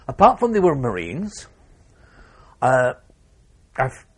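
An older man, telling an interviewer his wartime memories in a measured way, with pauses and restarts. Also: medium pitch, huge pitch swings, breathy edge. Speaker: war veteran interviewee. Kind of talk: oral history interview.

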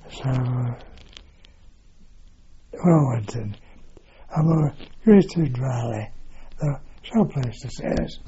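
An older man recounting his wartime service in an oral history, halting with fillers and mild swearing. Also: mid-range voice, crowd noise. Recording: dull lo-fi recording with steady noise.

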